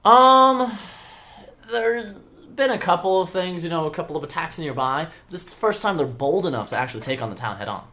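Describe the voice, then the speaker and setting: A man's voice: fairly high pitch, animated, fairly quick, bright, forceful tone. Casual male game master. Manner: casual, hesitant with fillers. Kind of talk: narrating and playing characters in a tabletop game.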